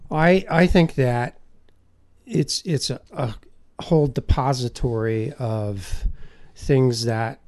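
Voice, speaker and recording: A man with a mid-range, warm and mellow voice co-hosting a podcast. He speaks haltingly, often restarting his sentences as he thinks. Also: mid-range voice. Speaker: podcast co-host. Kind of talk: casual podcast chat.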